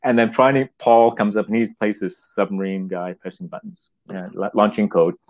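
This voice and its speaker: Animated Canadian man telling a story. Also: fairly low pitch, fairly quick, poor audio. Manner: animated, laughing often, many restarts. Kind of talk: anecdotal storytelling.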